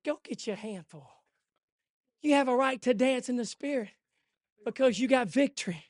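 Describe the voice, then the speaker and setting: A man preaching a fervent sermon, swinging from hushed lines to shouting. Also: very high-pitched, moderate pace, no echo, studio quality.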